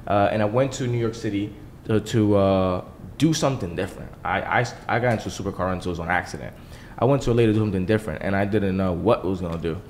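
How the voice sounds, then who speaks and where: Fast-talking young man, casual and profane. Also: fairly low pitch, a little hiss or hum. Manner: fast, profane, animated storytelling. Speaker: podcast guest, entrepreneur. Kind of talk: casual storytelling.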